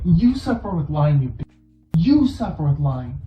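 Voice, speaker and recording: A woman's voice: sits low, big pitch swings, normal speed, mellow, a little hiss or hum. A woman ranting mockingly in a played clip, sarcastic and swearing, with exaggerated fake crying. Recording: distant, roomy, dull played-back clip.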